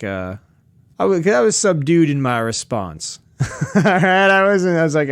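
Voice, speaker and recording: A young man with a slightly high voice tells a comedic story on his podcast. He rambles and swears freely, and he drops sarcastic asides as he goes. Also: big pitch swings, normal speed. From Pacific Northwest of the US. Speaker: podcast host. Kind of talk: casual comedic storytelling monologue.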